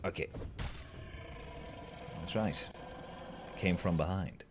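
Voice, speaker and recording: A man's voice: deep voice, takes it slowly, noisy background. A man chatting playfully through a game as a let's-play host, joking with the creatures on screen. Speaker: gaming channel host.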